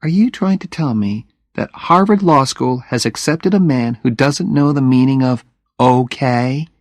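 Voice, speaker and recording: A man reading aloud and voicing a confident young woman who teases her nervous fiancé, in a slow, raised voice. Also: extremely low pitch, no echo, voice pushed up. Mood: teasing.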